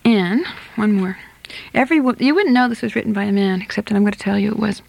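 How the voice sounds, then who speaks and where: A woman hosting a call-in radio show, reading listener letters aloud in a measured, deliberate way. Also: medium pitch, creaky, darkish tone, dry recording, low-quality recording. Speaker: radio host.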